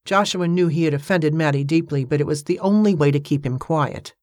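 A narrator reading an audiobook in an even, measured way, giving the characters light voices. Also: mid-range voice, no room sound, clean studio sound.

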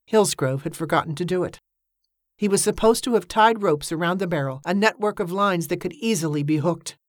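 Female audiobook narrator, measured and steady, lower voice, dry close sound. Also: dry recording.

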